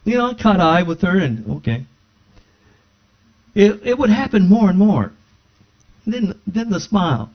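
A man preaching a sermon, telling a personal story with lively acted-out dialogue. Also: high-pitched, measured pace, long pauses. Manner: animated, acts out dialogue in his stories. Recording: dull lo-fi recording.

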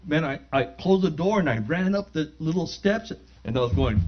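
A man giving a spoken testimony in church, animated and acting out the dialogue as he tells it. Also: a little high, normal speed, few pauses. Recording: dull lo-fi recording.

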